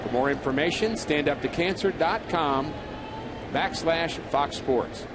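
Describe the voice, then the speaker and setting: A man's voice: a little high, a little slow, noisy background. A man calling a baseball game play by play from the broadcast booth, chatty and working sponsor reads in between the action. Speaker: play-by-play announcer. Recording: broadcast audio with clear crowd and ambience behind.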